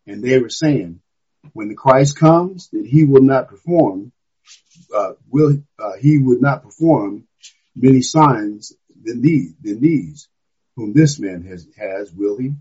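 A man in a class reading a scripture passage aloud, halting over words. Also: medium pitch, animated, a little mellow, slightly rough, muffled recording.

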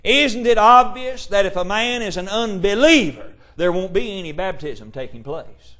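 A man's voice: sits high, animated, normal speed, fairly bright tone. A man preaching a sermon, emphatic and full of rhetorical questions, quoting scripture in old-fashioned wording.

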